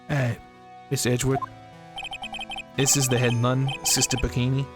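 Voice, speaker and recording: A man voicing a bumbling, eager male police detective in a lowered plodding voice. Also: little pitch movement, moderate pace, over music, close to an everyday voice.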